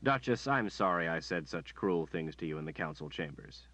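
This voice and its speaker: A man voicing an earnest, flustered young hero in an audiobook, in a low voice. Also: expressive, normal speed, a bit bright, no room sound. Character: earnest young male woods guide, flustered.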